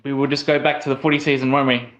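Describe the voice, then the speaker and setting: A man from South Australia with an Australian accent, commentating a cricket match live for his stream in a casual, excitable way that jumps up on big moments. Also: medium pitch, rapid-fire, lo-fi sound. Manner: excitable, rises sharply on wickets.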